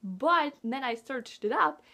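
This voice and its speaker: Chatty, slightly high-voiced woman vlogger. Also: slow. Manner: excitable, gasping, drops into whispers; chatty with many "like" fillers. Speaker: movie vlogger. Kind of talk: casual movie review chat.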